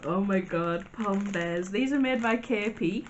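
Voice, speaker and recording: A woman in a casual vlog, reviewing sweets and crisps in a chatty, wry way with little asides. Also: mid-range voice, a little slow, highs cut off, slight background noise. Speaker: vlogger.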